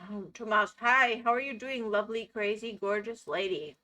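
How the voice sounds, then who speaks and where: A woman's voice: mid-range voice, moderate pace, bright, forceful tone. A woman streaming live, chatting playfully and laughing as she reacts to videos. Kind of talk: casual live-stream chat.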